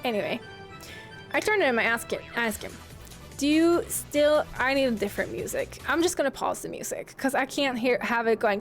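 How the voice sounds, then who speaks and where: High-voiced young woman telling a story. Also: lively intonation, a little fast, soft background music. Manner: rambling, giggly, many restarts. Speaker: streamer. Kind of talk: casual storytelling to chat.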